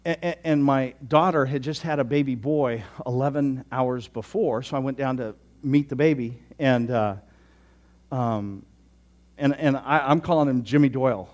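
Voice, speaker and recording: Man, 60s, pastor, storytelling sermon, conversational, soft moments, repeats words. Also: medium pitch, measured pace.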